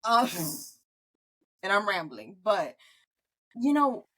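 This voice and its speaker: Tearful, bright-voiced, profane woman. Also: medium pitch, very animated, slow. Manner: candid, profane, tearful at times, quoting herself loudly. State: close to tears. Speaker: podcast co-host. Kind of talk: emotional casual chat.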